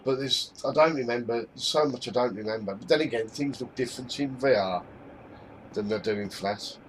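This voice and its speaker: A man's voice: mid-range voice, fairly quick, rough recording. A man streaming a VR game, muttering to himself and chatting to his viewers. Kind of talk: live-streamed VR gameplay commentary. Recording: noticeable background noise.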